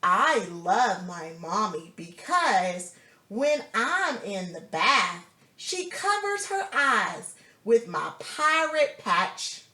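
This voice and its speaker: A woman reading a picture book aloud to a young child, slow and sing-song, stopping to ask questions and praise the answers. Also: fairly high pitch, big pitch swings, sharp tone, roomy sound. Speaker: storybook reader.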